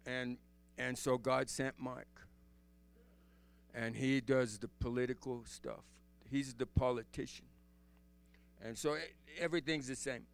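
A man teaching as a pastor in an animated sermon, swinging from loud exclamations to hushed low tones and asking his listeners rhetorical questions. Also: measured pace, vocal fry, pauses often, clear, resonant tone, faint music behind. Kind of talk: expository sermon.

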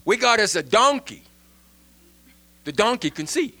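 A man giving an informal Bible lesson in an animated way, often restarting and repeating words. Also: high-pitched, measured pace. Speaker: Bible teacher.

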